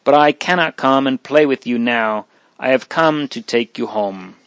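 An earnest teenage boy, as a man reads him in a storybook. He speaks in a calm, gentle, reassuring way. The sound is dry and close. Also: mid-range voice, unhurried, no room sound.

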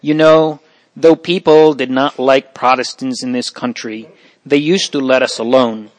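A man reading the part of a gentle, protective older brother in an audiobook, speaking calmly and reassuringly. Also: mid-range voice, unhurried, no room sound, natural voice.

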